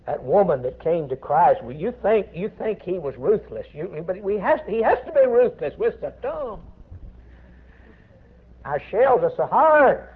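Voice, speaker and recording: A man preaching a sermon with impassioned swings between hushed words and rising emphasis. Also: high-pitched, breathy edge. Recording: tinny phone-like recording.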